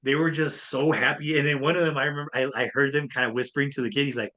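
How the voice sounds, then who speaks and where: A man's voice: mid-range voice, fairly even intonation, fast, pushed and bright. A man talking as an interview guest, upbeat and enthusiastic in a loose, chatty way. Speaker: guest speaker and coach. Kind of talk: casual interview chat.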